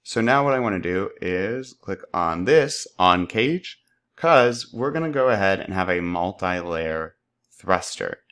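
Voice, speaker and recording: A man walking through a software tutorial, upbeat and playful, making little sound effects as he works. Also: low-pitched, animated, a little slow, clean tone. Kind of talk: screen-recorded tutorial.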